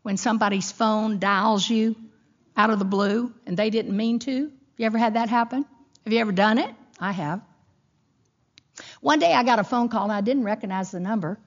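A woman's voice: on the high side, normal speed. A middle-aged woman giving a sermon with a personal story, telling it expressively and acting out the voices in her quotes. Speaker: women's Bible teacher. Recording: dull lo-fi recording.

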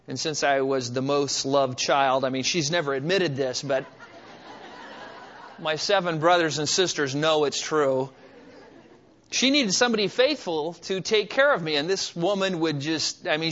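A man preaching a sermon as pastor, telling stories with frequent filler pauses, on a dull lo-fi recording. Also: on the high side, fairly bright tone.

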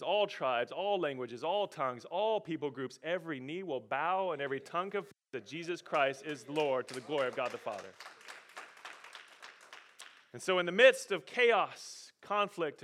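Pastor guy preaching, kinda high pitched, bright and punchy, really animated. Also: moderate pace. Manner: animated, emphatic preaching with swings in volume. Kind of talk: sermon.

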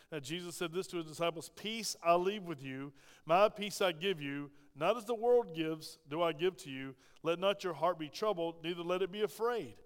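High-voiced preacher in a reverberant hall. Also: male voice, smooth. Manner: animated preaching with humor, quick asides and rhetorical questions. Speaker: pastor. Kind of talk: sermon. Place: church sanctuary.

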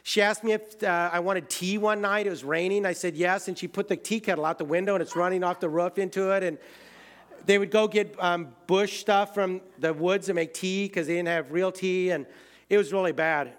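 A high-pitched, brisk American man tells a relaxed, filler-laden story about a trip he took. The telling swings from loud excitement to hushed quiet.

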